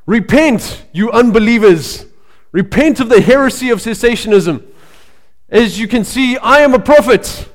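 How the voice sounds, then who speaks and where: A man voicing a self-proclaimed male prophet who shouts rebukes in a loud, intimidating Scottish accent. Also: extremely high pitch, lively intonation, moderate pace, in a large hall, pitched above the performer's own voice. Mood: shouting rebuke.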